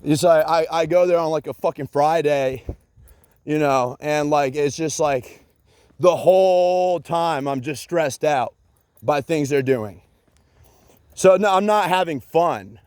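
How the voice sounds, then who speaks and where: A man's voice: a little high, takes it slowly, darkish tone, clear, resonant tone, dry recording. A man in a rambling solo rant, agitated and profane, repeating himself with many fillers and bits of sarcasm.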